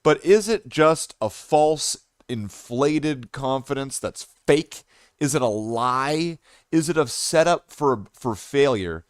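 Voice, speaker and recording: A man's voice: medium pitch, animated, takes it slowly, smooth, no room sound. A man live streaming a game, ranting with constant swearing and rambling restarts as he talks to his chat. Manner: rambling, heavily profane ranting with many restarts. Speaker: live streamer and gaming host.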